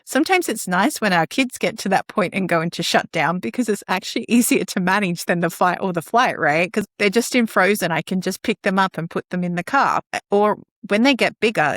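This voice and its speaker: A young adult woman, speaking as a guest in an earnest, animated way and laughing often. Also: lowish voice, brisk, hardly any pauses, dry recording, studio quality. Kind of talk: conversational storytelling.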